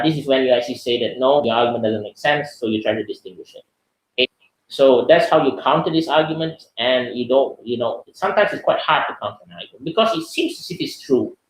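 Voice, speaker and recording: A man with a Malaysian English accent giving a webinar lecture, lively and animated, acting out the voices of people he quotes. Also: quick pace, slight background noise. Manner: lively, acts out quoted voices in high pitch. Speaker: seminar speaker. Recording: echoey room.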